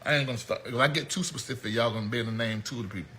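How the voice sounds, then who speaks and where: An American man hosting a comedic commentary show, ranting bluntly with loud outbursts. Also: medium pitch, rapid-fire, slight background noise. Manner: animated, blunt, yelling outbursts. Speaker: host.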